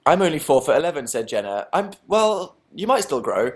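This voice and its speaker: A man's voice: on the high side, very animated, a little fast. Self-deprecating British young man. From England. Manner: self-deprecating, rambling, answers chat. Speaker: livestream host. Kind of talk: casual livestream chat.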